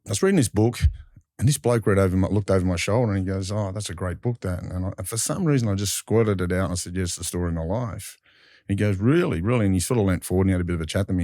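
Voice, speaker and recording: An Australian man with a deep, mellow voice recounts his past in a candid interview. He rambles through his story with restarts and colloquial turns of phrase, often acting out what others said. The sound is dry and close. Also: dry recording. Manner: rambling with frequent restarts and fillers; colloquial, acts out others in dialogue. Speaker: guest telling his life story.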